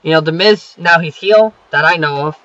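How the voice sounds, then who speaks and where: A man's voice: a little high, normal speed, a bit bright, dry recording. A young man casually recapping a wrestling show, rambling with lots of fillers and profanity. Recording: dull lo-fi home recording.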